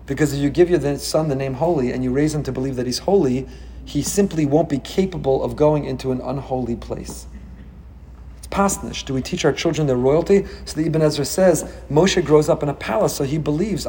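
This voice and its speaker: A man teaching a Torah class, animated, asking dramatic rhetorical questions and swinging between loud emphasis and hushed asides. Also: on the high side.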